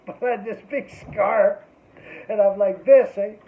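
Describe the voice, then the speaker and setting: A man's voice: sits high, measured pace, gravelly. A middle-aged man telling a rambling, profane anecdote in casual chat, ending his lines with "eh". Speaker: storyteller. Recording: tinny phone-like sound.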